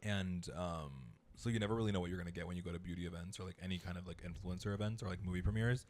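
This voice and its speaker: A man with a low voice talks quickly in relaxed podcast chat. He tells stories with lots of fillers. His delivery is easygoing and gossipy. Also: slight background noise. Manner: chatty storyteller, filler-heavy. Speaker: podcast co-host. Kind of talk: casual chat.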